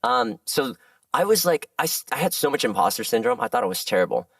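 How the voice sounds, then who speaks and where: A man who works as a voice actor, chatting as a guest in a casual podcast interview and telling animated stories with frequent laughs. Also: on the high side, quick pace, creaky, no room sound, far from the mic.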